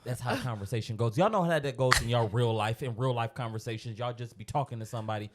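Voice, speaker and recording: A man's voice: mid-range voice, fast. A man co-hosting a podcast in casual chat, joking and playfully confident. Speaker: podcast co-host.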